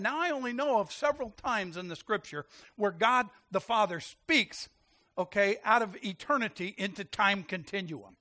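A male pastor preaching with a high, bright voice that leaps up and down in pitch. He is animated and laughs easily, and he keeps turning to the congregation with questions. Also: moderate pace. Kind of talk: sermon.

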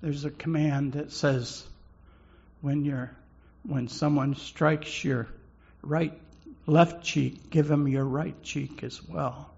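A man preaching a sermon slowly and haltingly, often repeating words as he goes. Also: a little high, fairly even intonation, creaky, a little mellow, slightly rough, dull audio. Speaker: pastor.

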